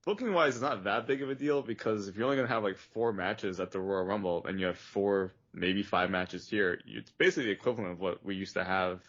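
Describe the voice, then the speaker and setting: A man with a low voice makes blunt, curse-laced remarks in casual podcast chat. The recording sounds dull and lo-fi. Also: quick pace, hardly any pauses, fairly bright tone. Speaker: podcast co-host.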